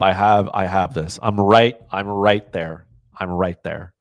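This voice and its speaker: A fairly low-pitched man hosts a live stream. He thinks aloud as he plays a trivia game and chats to his viewers in a relaxed, offhand way. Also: measured pace. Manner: talks to chat. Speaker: podcast host.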